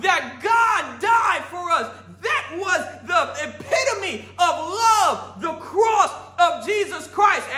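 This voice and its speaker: A male pastor preaching a sermon, often shouting with emphasis, laughing between points, and asking himself questions. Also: very high-pitched, reverberant. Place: church sanctuary.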